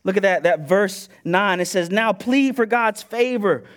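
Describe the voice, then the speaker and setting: A man preaching a sermon in a church, talking in a conversational way and acting out the voices he quotes, swinging between loud and soft. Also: sits high, measured pace, clear, resonant tone. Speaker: pastor. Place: church sanctuary.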